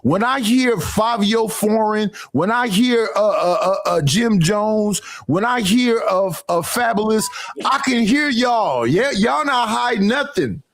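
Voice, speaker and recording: A man co-hosting a casual group podcast, talking slowly and stopping often to search for names. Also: high-pitched, lively intonation. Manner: drawling, searching for names with many fillers. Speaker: podcast co-host.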